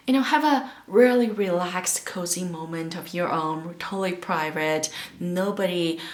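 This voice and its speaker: Non-native English-speaking woman, vlog tips to camera, emphatic and searching for words, lowish voice, roomy echo. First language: not English. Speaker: English-learning vlogger. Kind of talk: casual talk to camera giving tips.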